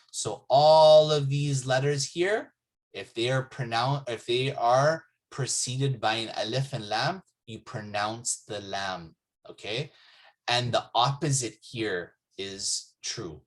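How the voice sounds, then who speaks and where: A man teaching Arabic letters in a patient, repetitive manner, often checking in with "okay?". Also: medium pitch. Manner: patient, repeats words and checks understanding with "okay?". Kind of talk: slow classroom explanation. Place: mosque classroom.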